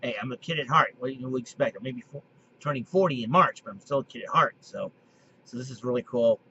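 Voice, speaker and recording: A man in his late thirties hosting a casual monologue video from his basement, rambling with frequent restarts and throat clearing. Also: medium pitch, fast talker, bright, forceful tone. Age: 30s. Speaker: video host. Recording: dull lo-fi home recording with faint noise.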